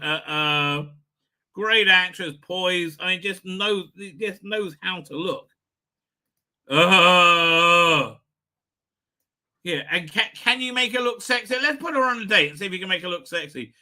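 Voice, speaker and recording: A man talks through a TV episode in a loose, digressive review, his voice sharp and bright and pitched a little high. He swears freely and keeps breaking into exasperated outbursts before dropping back to casual chat. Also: expressive, unhurried. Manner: profane, digressive, exasperated rants with sudden shouts. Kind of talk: rambling off-the-cuff review monologue.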